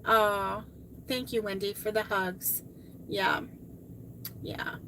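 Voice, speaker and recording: A woman's voice: mid-range voice, fairly even intonation, slow pace, background noise. A woman hosting a crochet live stream, chatting casually with viewers and reading out their comments, gushing and exclaiming often. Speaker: crochet channel host reading live chat.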